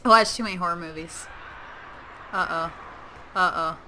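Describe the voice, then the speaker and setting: A woman giving casual let's-play commentary on a horror game, excitable and given to shrieking and swearing at the screen. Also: on the low side, moderate pace, slight background noise. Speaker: gamer playing a horror game.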